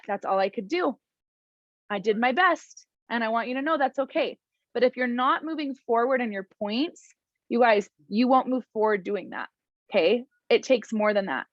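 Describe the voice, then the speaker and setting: A woman's voice: medium pitch, no echo, dull audio. A young woman, giving a casual motivational talk to her team. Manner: warm, encouraging, emotional at times; chatty with many fillers. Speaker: team leader addressing her downline.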